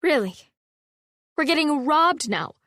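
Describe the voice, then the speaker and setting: An indignant young housekeeper, voiced by a woman, talks in a high, frantic, pushed-up voice. She sounds excitable and alarmed throughout. The audiobook sound is dry and close. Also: slow, dry recording, full character voice. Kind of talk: audiobook character voice.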